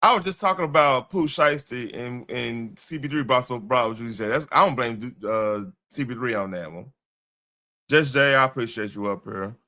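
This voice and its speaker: A man hosting a late-night livestream talks bluntly and loosely in slang, often restarting his sentences. His voice sounds tired and worn, though its tone stays bright. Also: mid-range voice, moderate pace. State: tired, voice wearing out. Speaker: livestream host.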